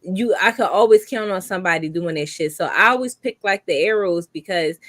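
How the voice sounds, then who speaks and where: A woman's voice: lowish voice, a little fast, no echo. A woman co-hosting a podcast, talking bluntly in casual slang about games and steering the chat back on topic. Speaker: podcast co-host.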